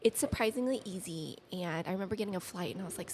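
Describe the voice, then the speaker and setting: A woman guest on a podcast telling personal stories in a chatty, animated way, acting out quoted dialogue with many fillers. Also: brisk, hardly any pauses, a little hiss or hum. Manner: animated, acts out quoted dialogue with lifted pitch. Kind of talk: casual conversational storytelling.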